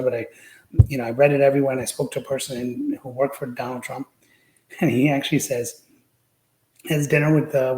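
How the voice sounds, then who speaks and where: A man's voice: medium pitch, reverberant, low-quality recording. A man talking as a podcast guest, telling stories with animation and acting out the quotes. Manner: animated storyteller, acts out quotes. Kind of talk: casual political chat.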